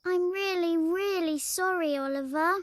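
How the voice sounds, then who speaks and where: A man doing a soft, sad little ghostly girl. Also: very high voice, pitched above the performer's own voice. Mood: sorrowful. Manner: slow, quiet, mournful. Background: game music.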